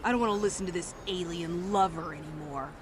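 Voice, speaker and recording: A man's voice: high-pitched, fairly quick, very noisy, voice pushed up, lightly acted. Man doing a dismissive young street bully.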